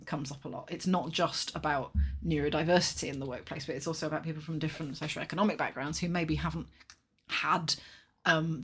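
A woman's voice: low-pitched, husky. A woman co-hosting a podcast, chatting thoughtfully with lots of hedging. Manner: thoughtful, hedging, laughs often. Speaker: podcast co-host. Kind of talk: casual chat.

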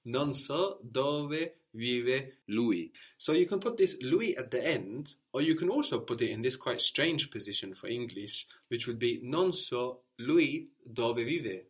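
Male tutor, patient and encouraging, guides a learner through drills. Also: mid-range voice. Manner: patient, encouraging, spells words out. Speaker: language teacher. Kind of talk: guided language lesson.

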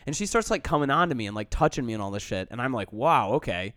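A man's voice: medium pitch, sing-song, racing, fairly bright tone, dry recording. Rambling man telling a story. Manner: rambling, many "like" fillers, acts out quotes. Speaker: podcast host. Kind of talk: casual storytelling chat.

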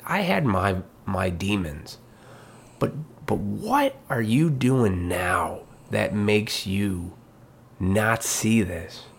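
A man's voice: fairly low pitch, vocal fry, breathy edge. A man ranting bluntly in a casual monologue, swearing freely and mocking others in put-on voices. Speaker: commentator.

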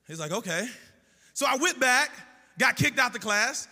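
High, bright-voiced preacher in a hall. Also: male voice, lively intonation, normal speed. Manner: sing-song preaching cadence; storytelling with acted-out dialogue. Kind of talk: sermon. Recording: long reverb of a large hall.

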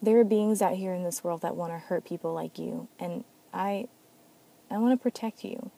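A woman's voice: lowish voice, moderate pace, gravelly, dark tone. A woman voicing an earnest, protective male officer in a story reading, speaking with concern.

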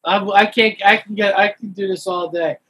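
A man co-hosting a casual comedy podcast, tossing out quick jokes and asides. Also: high voice, steady tone, a crowd in the background, rough recording. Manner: joking, quick asides and laughs.

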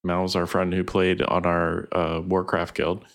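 A man's voice: deep voice, monotone, measured pace, creaky. A man co-hosting a casual gaming podcast, running through news in a matter-of-fact, rambling way. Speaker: podcast co-host.

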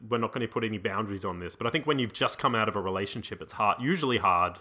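A man's voice: lowish voice, racing, pushed and bright. A man co-hosting a podcast, giving advice to listeners in a playful, joking way. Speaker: podcast co-host. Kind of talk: casual advice chat.

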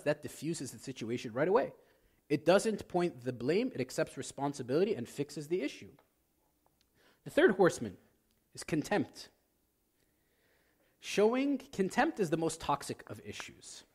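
A man's voice: on the high side, moderate pace, long pauses, husky. A man, a priest, preaching a sermon and acting out arguments between spouses. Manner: animated, acts out quarrels in quoted voices.

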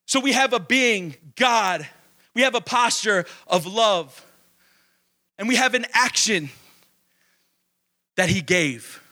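A man's voice: sits high, animated, slow pace, pauses often, sharp tone. A man preaching a sermon, emphatic, asking questions and answering them himself, stretching key words.

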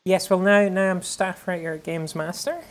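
A woman guesting on a casual podcast, with a notably low voice for a woman. She chats in a relaxed, enthusiastic way that rambles through plenty of fillers. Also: normal speed. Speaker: guest, games journalist.

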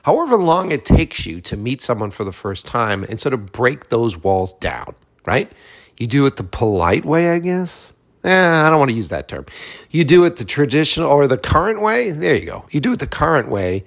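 Man from Boston, casual monologue, lively swinging pitch, profane, acts out dialogue. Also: normal speed. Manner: profane, animated storytelling with acted-out dialogue.

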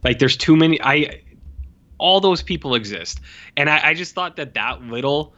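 A man's voice: on the high side, moderate pace, muffled recording. A man in casual conversation about a film, rambling with lots of fillers and acting out lines from scenes. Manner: rambling, many fillers, animated quoting of characters.

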